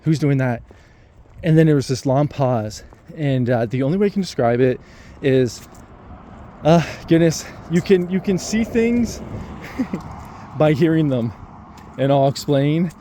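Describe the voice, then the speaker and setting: Mellow, reflective man telling a story. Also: fairly high pitch, expressive, a little hiss or hum. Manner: reflective and hesitant, many pauses and restarts. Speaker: vlogger. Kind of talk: casual personal storytelling.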